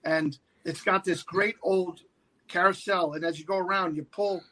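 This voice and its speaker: Recorded on poor audio, a man in his fifties speaks at normal speed in a voice that sits high. As a guest actor in casual conversation, he animatedly recounts a show-business tale, often taking on the voices of those he quotes.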